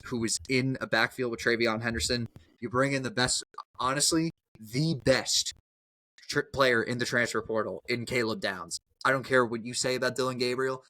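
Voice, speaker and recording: A man's voice: mid-range voice, bright, forceful tone, dry recording. A young man co-hosting a casual sports podcast, rambling and restarting his sentences a lot, with easy cursing. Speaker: podcast co-host.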